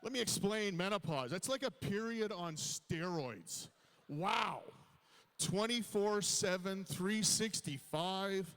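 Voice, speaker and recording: A man's voice: high voice, animated, slow pace, a bit bright. A Canadian man in his fifties doing a stand-up comedy set, telling self-deprecating stories to the crowd. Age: 50s. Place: large hall on stage. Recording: live hall reverb.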